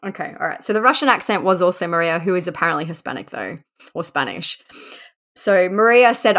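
A woman with a slightly low voice hosts a casual true-crime podcast. She reads court quotes aloud at a conversational pace and breaks in with offhand asides. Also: expressive, a little fast, a bit bright. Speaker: podcast host.

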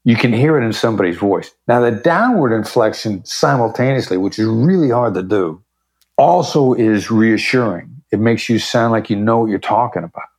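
Low-voiced man explaining with confident emphasis. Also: expressive, normal speed, darkish tone, slightly rough. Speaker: podcast guest, negotiation expert. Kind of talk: conversational interview.

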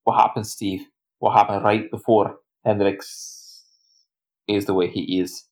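A man's voice: fairly low pitch, fairly even intonation, a little slow, darkish tone, lightly acted. Man playing a grumpy, fed-up adventurer. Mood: pressing. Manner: exasperated grumbling.

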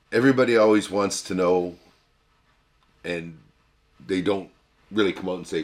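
An older man co-hosting a casual podcast, talking in a folksy, halting way with many restarts. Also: low voice. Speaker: podcast co-host. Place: cabin.

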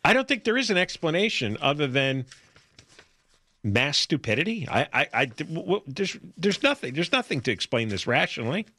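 Radio co-host guy, sharp bright voice, super dry studio sound, keeps stammering when he's fed up. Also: fairly high pitch, sing-song, normal speed, dry recording. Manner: emphatic, exasperated opinions with stammered restarts. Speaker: radio talk show co-host. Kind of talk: talk radio discussion.

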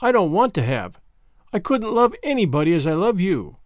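A man's voice: sits high, very animated, moderate pace, dry recording, clean studio sound. A man voicing a devoted young girl who speaks earnestly and plainly. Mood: tearful.

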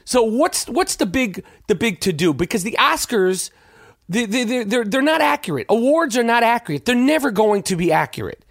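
Podcast host, male, high voice, dry close sound, rants with profanity and tripping restarts. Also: big pitch swings, moderate pace, vocal fry, no echo. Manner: rambling, profane, frequent stammered restarts. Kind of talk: casual opinion monologue.

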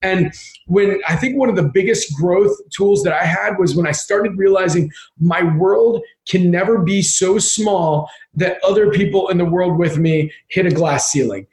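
A man talking as an interview guest in casual chat, energetic and often repeating words as he thinks. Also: high voice, moderate pace, reverberant.

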